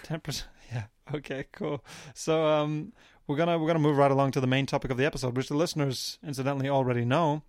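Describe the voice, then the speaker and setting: A man co-hosting a podcast, rambling in casual banter with crude deadpan jokes. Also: mid-range voice, quick pace, hardly any pauses, no room sound, studio quality. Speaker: podcast co-host.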